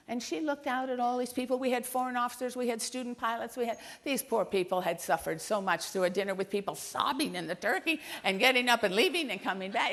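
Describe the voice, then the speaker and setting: A woman speaks from a conference stage in a fairly high voice. She tells a family story with wry humor and acts out the dialogue, then grows hushed and earnest. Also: fast, few pauses. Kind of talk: humorous personal storytelling speech. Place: large conference hall stage.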